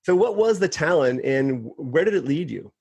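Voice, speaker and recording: Podcast host dude, raspy gravelly voice, laughs along with the guest. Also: male voice, on the high side, expressive, a little mellow. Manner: laughs along, quick reactions. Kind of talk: casual interview.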